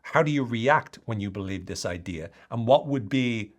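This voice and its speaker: Low-voiced man coaching. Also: expressive, normal speed. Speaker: self-help coach. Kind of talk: talking-to-camera lesson.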